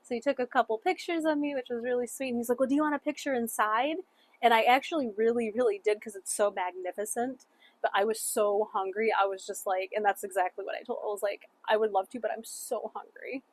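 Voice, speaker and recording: A woman's voice: fairly high pitch, fairly even intonation, fast talker. Chatty woman telling a travel story. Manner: chatty, lots of "like", laughs often, swears casually. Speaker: travel vlogger. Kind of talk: casual storytime vlog.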